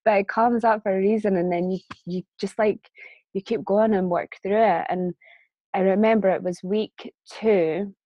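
A woman's voice: mid-range voice, fairly even intonation, moderate pace, no room sound. Chatty woman, slightly dull sound. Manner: chatty, storytelling, laughs often. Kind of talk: casual chat.

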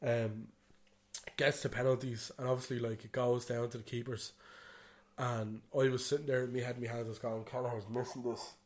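A man's voice: medium pitch, flat delivery, moderate pace. Chatty Irishman telling a story. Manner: rambling, swears freely, "you know what I mean". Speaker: podcast co-host. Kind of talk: casual chat.

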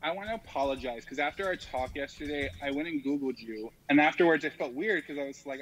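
A man's voice: a little high, fast, few pauses, a bit bright, poor audio. A man calling into a show on the phone, talking casually and sprinkling in lots of fillers. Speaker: caller.

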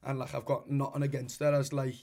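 A man's voice: medium pitch, level tone, a little fast, gravelly, warm tone. A young man with a Scouse accent, a musician chatting casually and rambling, swearing a lot and saying "you know what I mean". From Liverpool, England. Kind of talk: casual podcast chat.

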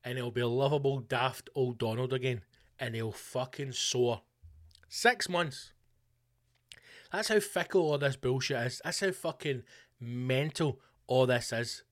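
A man's voice: medium pitch, measured pace. Sweary Scottish man ranting. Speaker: comedian podcast host. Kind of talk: comedic rant.

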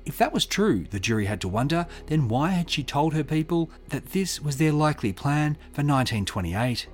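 A man giving measured, scripted true-crime narration and reading out quotes. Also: fairly high pitch, big pitch swings, faint music behind. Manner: measured, reads quotes aloud.

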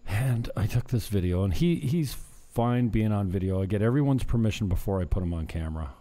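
With a low, mellow voice and lively intonation, this man talks fairly quickly to his viewers in a rambling vlog. He keeps dropping thoughts halfway through and laughing at his own side comments.

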